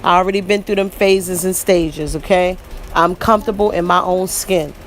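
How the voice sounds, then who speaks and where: In her vlog, a woman in her forties preaches emphatically and repeats herself, frequently breaking in with "listen" and "you know what I mean." She speaks at a normal speed in a steady, lowish voice over slight background noise.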